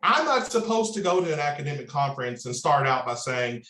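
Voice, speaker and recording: A man in his thirties with a Southern Indiana accent, telling stories as a panelist in a discussion, animated and drawling. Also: on the high side, moderate pace, hardly any pauses, roomy sound. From Southern Indiana, USA. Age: 30s. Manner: animated, drawling, repeats words when starting.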